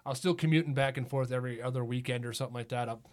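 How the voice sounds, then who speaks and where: A man's voice: medium pitch, fairly even intonation, rapid-fire, darkish tone. A middle-aged man hosting a podcast, telling a rambling story with lots of laughs and "it's like.". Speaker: podcast host. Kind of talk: casual storytelling chat.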